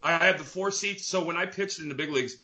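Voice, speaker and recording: Bright-voiced, blunt joking man. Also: on the high side, fast talker. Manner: blunt, joking, swears freely. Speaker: guest, retired pitcher. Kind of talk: casual interview chat.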